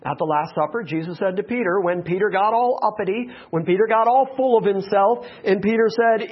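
A man's voice: high voice, normal speed, few pauses, dull audio. A pastor preaching a sermon to his congregation, emphatic and repeating key phrases.

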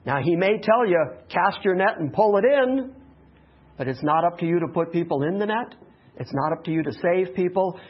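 A man preaches with emphatic, repeated phrases. His voice sits a little high and has a husky edge. The recording sounds dull and lo-fi. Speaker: pastor. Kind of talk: sermon.

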